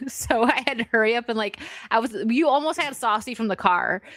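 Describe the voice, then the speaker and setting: A woman's voice: on the high side, lively intonation, a little fast, a bit bright, dry recording. Giggly woman livestream host, dry sound. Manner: giggly, rambling. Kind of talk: casual chat.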